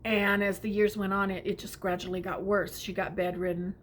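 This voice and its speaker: Soft-spoken woman telling a tender story. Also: mid-range voice, little pitch movement, fairly quick, a little hiss or hum. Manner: tender, often drops to a whisper. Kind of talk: personal storytelling.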